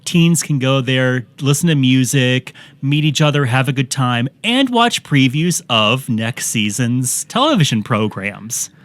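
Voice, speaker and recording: A man's voice: medium pitch, lively intonation, measured pace, hardly any pauses, fairly bright tone, dry recording. A man hosting a podcast in casual comedic chat, with wry, sarcastic commentary and laughs at his own jokes. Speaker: podcast host.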